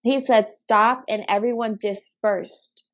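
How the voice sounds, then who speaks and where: A woman's voice: mid-range voice, fairly even intonation, normal speed. A young adult woman, a podcast guest, earnestly and animatedly retelling a personal story with many filler words. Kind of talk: emotional storytelling.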